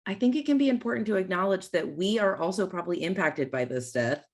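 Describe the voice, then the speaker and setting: Brief: lower-voiced woman host, chatty and earnest, telling parenting stories. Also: animated, fast talker. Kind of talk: casual interview chat.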